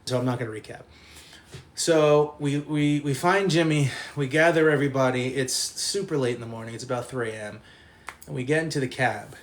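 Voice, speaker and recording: A young man telling a long college story to a live stream chat, animated and profane, laughing as he goes. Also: medium pitch, fairly quick.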